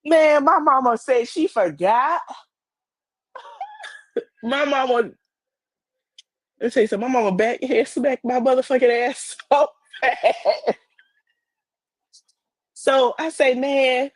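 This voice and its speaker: A woman's voice: high-pitched, takes it slowly, long pauses, no echo. A woman hosting a podcast, giving blunt, preachy advice in casual chat. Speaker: podcast host.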